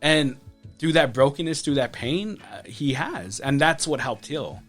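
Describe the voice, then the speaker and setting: A man's voice: a little high, animated, a little slow, fairly bright tone, soft background music. A man in his thirties, a podcast guest, telling his life story with feeling, with many restarts and "like". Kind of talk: personal testimony.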